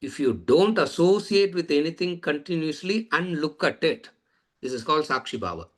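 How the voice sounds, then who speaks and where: A man's voice: a little high, animated, normal speed. A man teaching a lecture on scripture, repeating phrases and asking rhetorical questions. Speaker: Vedanta teacher.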